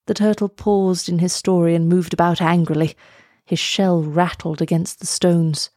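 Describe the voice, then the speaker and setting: Storybook narrator: woman, low-pitched, calm clear reading, dry close mic. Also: moderate pace, no room sound. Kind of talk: storybook read-aloud narration.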